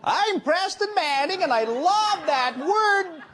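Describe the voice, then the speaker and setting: A man playing a nagging politician with a high nasal whine in a sketch before a studio audience. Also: animated, slow, fairly bright tone, soft background music, exaggerated voice. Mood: whiny smug. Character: whiny nagging male politician impression. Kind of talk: sketch comedy. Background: studio audience laughing.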